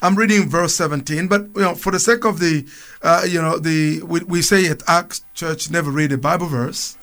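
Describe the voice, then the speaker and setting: This man speaks at normal speed with a fairly high pitch and a fairly bright tone. He's a church speaker on the radio, reading Bible passages aloud and then explaining them loosely, with restarts and chuckles.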